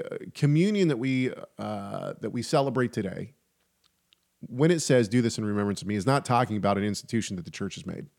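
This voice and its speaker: Chatty animated male podcast co-host. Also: on the low side, creaky. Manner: animated, chatty, frequent restarts. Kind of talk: casual chat on faith.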